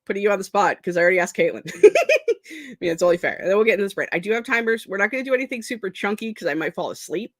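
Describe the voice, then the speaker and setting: A young woman hosting a productivity stream talks with viewers in a very fast, sing-song, mid-range voice. Short on sleep, she rambles, jumps around, pokes fun at herself and laughs a lot, all recorded with clean studio quality and no room sound.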